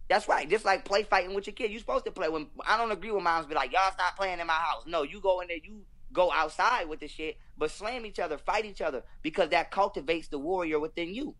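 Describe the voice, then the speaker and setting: A young man delivers a heated, profane, emphatic rant in a casual conversation. He talks very quickly in a voice pitched a little high for a man. The whole thing has a preachy, fired-up drive. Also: fairly bright tone. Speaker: podcast guest.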